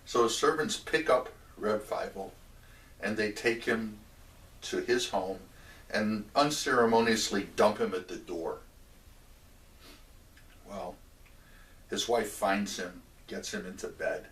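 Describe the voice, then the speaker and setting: A man telling a religious story in a measured way, stopping for asides to the listener. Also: fairly low pitch, fairly bright tone. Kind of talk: oral storytelling of a religious tale. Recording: roomy echo, mic at a distance.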